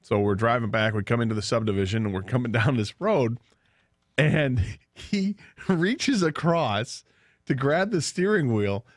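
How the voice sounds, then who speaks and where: A man's voice: medium pitch, measured pace, dry recording, studio quality. Man telling a story on sports radio. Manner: animated storyteller, laughs while telling. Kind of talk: casual sports radio chat.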